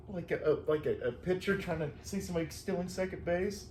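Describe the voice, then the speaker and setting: A man's voice: high voice, brisk, darkish tone, echoey room, slight background noise. A man, a flower delivery driver, casually telling stories from his day, chatty and laughing often. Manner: chatty, laughs often, acts out quoted voices. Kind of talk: casual storytelling chat.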